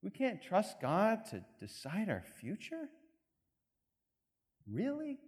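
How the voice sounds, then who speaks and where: Male pastor, sermon, high voice, very lively pitch, comic storytelling, long hall reverb. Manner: animated storytelling with comic asides and quick laughs.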